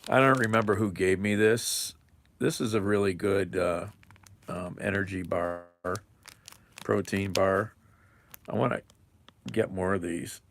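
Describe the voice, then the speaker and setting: A man's voice: low-pitched, steady tone, a little slow, pauses often, a bit bright, slight background noise. A man chatting casually on a livestream, rambling and chuckling as he reads viewer comments. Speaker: live streamer. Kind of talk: casual livestream chat while eating.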